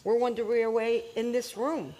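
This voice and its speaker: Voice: medium pitch, fairly even intonation, dark tone, slight background noise. An interviewer on stage asking questions in a chatty way and laughing often. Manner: chatty, laughs often, quick back-channel replies.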